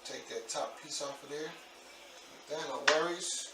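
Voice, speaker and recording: A man, casually talking through a home cooking demo, chatty and relaxed, saying "boom" as he chops. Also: unhurried, very noisy. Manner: chatty, relaxed, says "boom" while chopping. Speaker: home cook vlogger. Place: home kitchen. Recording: echoey kitchen, far from mic, loud frying.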